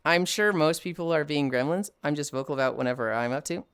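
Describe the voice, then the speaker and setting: A woman streamer chatting casually while she plays, animated and swearing freely, laughing often. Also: low-pitched, quick pace, clean tone, dry recording. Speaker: live streamer. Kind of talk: casual chat while gaming.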